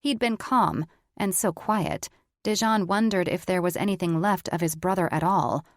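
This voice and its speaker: A woman reads fantasy fiction aloud in a measured, even way. Her voice is on the low side. The sound is dry and close. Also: dry recording. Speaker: audiobook narrator. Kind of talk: scripted fiction narration.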